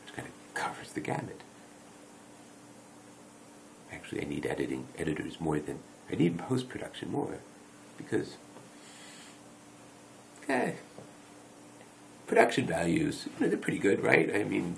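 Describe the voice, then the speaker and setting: A man rambles to his viewers late at night, correcting himself and teasing them along the way. His voice sits low with a gravelly edge, and his pitch swings up and down freely. He speaks into a dedicated microphone. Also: sing-song, measured pace, pauses often, slight background noise, rough recording. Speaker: video blogger. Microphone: dedicated microphone rather than phone.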